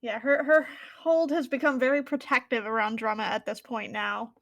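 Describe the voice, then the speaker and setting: A woman playing in a tabletop role-playing game, quickly explaining her character's actions. Her voice is high and recorded dry and close. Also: steady tone, fairly bright tone, no echo. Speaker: player.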